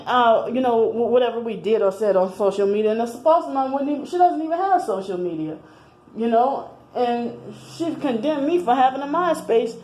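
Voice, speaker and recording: A woman's voice: on the high side, a little mellow, slight background noise, rough recording. A woman in her thirties talking in a rambling personal monologue, slightly out of breath, with many restarts and fillers. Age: 30s. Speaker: vlogger.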